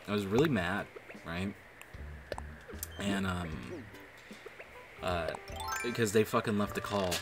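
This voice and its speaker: Low-voiced man rambling over music. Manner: rambling, heavy swearing, many fillers. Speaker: gaming video creator. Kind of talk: casual gameplay commentary. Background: background music.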